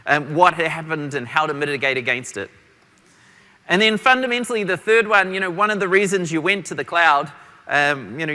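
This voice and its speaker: A man with a New Zealand accent presents a tech conference session, energetic and quick. His voice is bright and a little high, and it rings out in a large reverberant hall. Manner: energetic, quick, self-deprecating.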